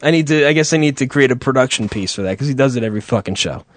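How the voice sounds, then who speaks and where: A man's voice: mid-range voice, animated, very fast. A man hosting a show, telling a rambling, profane story with frequent chuckles. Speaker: show host. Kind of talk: casual rambling monologue.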